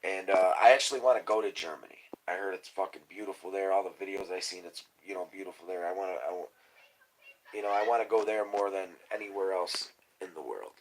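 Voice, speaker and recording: Rambling, profane man, low voice. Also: fast, a little hiss or hum, poor audio. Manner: rambling, profane, conspiratorial, mumbles off into quiet asides. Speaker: livestream host. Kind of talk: rambling casual livestream talk.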